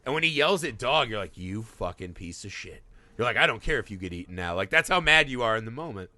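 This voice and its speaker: Man, thirties, animated film podcast chat, bright tone, dry close sound. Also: mid-range voice, rapid-fire, no echo. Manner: animated, swears freely, acts out movie moments. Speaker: podcast co-host.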